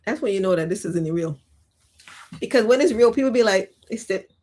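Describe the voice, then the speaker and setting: A woman's voice: medium pitch, animated, brisk, a little mellow. A woman in her thirties chatting to camera in a casual, reflective way, laughing often and using many fillers. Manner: talks while eating and sipping. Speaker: vlogger.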